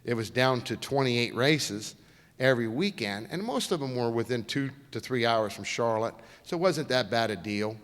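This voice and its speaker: A man's voice: medium pitch, normal speed. A middle-aged man, telling folksy stories as a guest speaker at a lecture. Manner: folksy, lively, acts out quoted voices. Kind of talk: storytelling lecture. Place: lecture hall. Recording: reverberant lecture hall.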